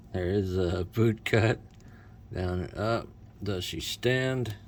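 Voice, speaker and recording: A man's voice: on the low side, a little hiss or hum. A man doing casual unboxing commentary as a toy reviewer, with wry, self-mocking asides.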